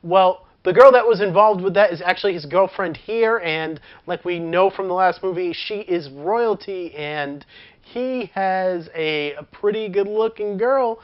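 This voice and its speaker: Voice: medium pitch, measured pace. Chatty film reviewer who laughs often; mid-range voice, dull lo-fi recording. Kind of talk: casual movie review.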